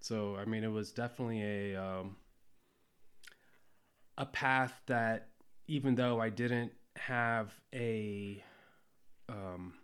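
A man in his forties, a chef and podcast guest, telling stories in a relaxed way with lots of fillers. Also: on the low side, slow, long pauses, clean tone. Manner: relaxed storytelling with many fillers. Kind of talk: casual conversation.

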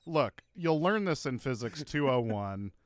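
A man co-hosting a casual comedy podcast, ranting emphatically with profanity and sudden loud bursts. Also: mid-range voice, animated, unhurried, no room sound. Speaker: podcast co-host.

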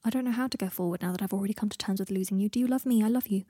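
A weary, gentle young man, quiet and wry, as a woman reads him. His lines come out hushed, mellow and a little breathy. The sound is close and dry. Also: racing, dry recording, close to an everyday voice. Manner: low-key, hushed, dry humor.

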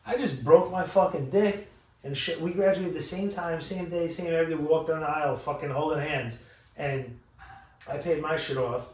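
A man in casual podcast chat, telling stories in an animated, profane way. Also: mid-range voice. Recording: echoey room, mic at a distance.

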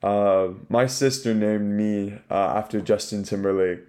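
A man's voice: lowish voice, fairly even intonation, a little slow, a little mellow. A young man hosting a casual podcast chat, laid-back and swearing freely, calling his guest bro. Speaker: podcast host.

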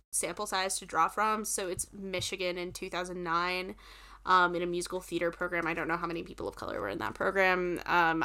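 A woman's voice: mid-range voice, sharp tone, clear, resonant tone. A woman co-hosting a podcast, chatting casually and rambling with lots of filler words. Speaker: podcast co-host. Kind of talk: casual chat.

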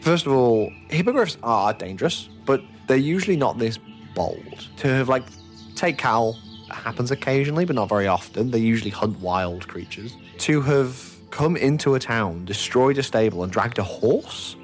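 A man's voice: mid-range voice, expressive, moderate pace, faint music behind. A man narrating as game master in an easygoing, hesitant manner. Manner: easygoing, hesitant, many fillers and restarts.

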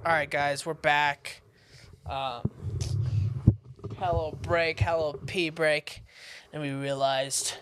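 A woman's voice: sits low, background noise. An American woman co-hosting a podcast in casual chat, rambling with many fillers, swearing freely and laughing often. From United States. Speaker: podcast co-host.

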